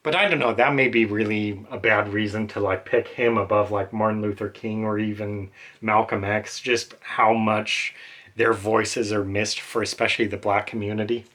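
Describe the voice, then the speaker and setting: Male book channel host, bright tone, emotional, rambling casual monologue. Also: lowish voice, fairly even intonation, moderate pace. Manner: rambling, emotional, many fillers.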